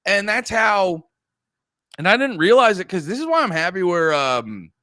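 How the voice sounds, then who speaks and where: A man's voice: high-pitched, normal speed, no echo, clean studio sound. A man co-hosting a podcast, chatting casually about movies, swearing and acting out quotes. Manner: animated, swears casually, acts out quotes in funny voices. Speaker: podcast co-host.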